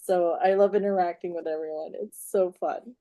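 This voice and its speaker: Author guest, woman, animated and quick to laugh, casual chat. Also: fairly low pitch. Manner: animated storyteller, laughs often.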